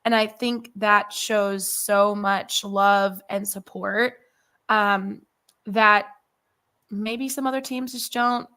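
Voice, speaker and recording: A woman's voice: medium pitch, fairly even intonation, slow, sharp tone, clear, resonant tone. A young woman co-hosting a podcast, chatting casually about basketball, emotional and rambling, with salty language. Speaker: podcast co-host. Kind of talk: casual sports chat.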